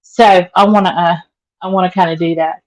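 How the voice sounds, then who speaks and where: A woman's voice: lowish voice, fairly even intonation, a little fast, rough recording. A middle-aged woman with a Southern accent, chatting casually with live viewers and greeting them by name. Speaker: vlogger.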